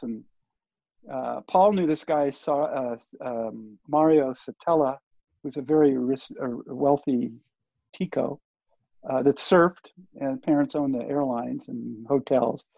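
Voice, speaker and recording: Older male guest, gravelly and fairly high, rambling anecdote, dull dry lo-fi recording. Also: a little mellow, no echo. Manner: rambling, full of fillers and restarts. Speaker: interview guest, surf TV producer. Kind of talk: casual storytelling interview.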